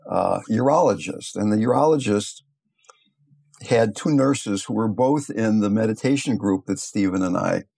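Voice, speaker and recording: An older man teaching meditation, telling stories in a calm, unhurried, reflective way. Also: on the low side, vocal fry, breathy edge. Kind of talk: teaching talk with storytelling.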